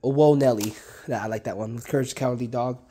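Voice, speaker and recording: Hoarse man rambling casually. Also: medium pitch, quick pace, dark tone, slight background noise. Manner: rambling and profane. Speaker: fireworks collector. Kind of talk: casual chat.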